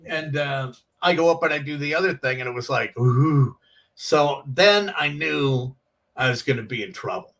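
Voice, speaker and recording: A comedian telling animated stories from his years on the comedy circuit, acting out the voices of people in them. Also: fairly high pitch, normal speed, gravelly, recorded from a distance, rough recording. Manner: animated storyteller, acts out quoted voices. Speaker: comedian guest. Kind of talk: casual storytelling.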